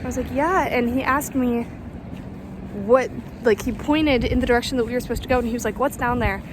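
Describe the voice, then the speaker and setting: Young woman vlogging on a walk, chatty and rambly, kinda high voice, waves and wind loud behind her. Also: steady tone, brisk. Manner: chatty and rambling, lots of fillers and asides. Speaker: travel vlogger. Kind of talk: casual vlog chat. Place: outdoors by a rocky shore with crashing waves. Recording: outdoor recording with clear wave and wind noise.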